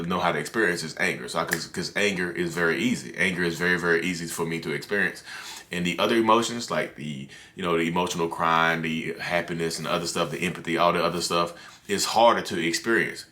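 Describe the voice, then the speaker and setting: A mental health content creator speaks straight into the camera as a man with a very low yet bright, forceful voice. His delivery stays loose and conversational, with plenty of fillers and restarts.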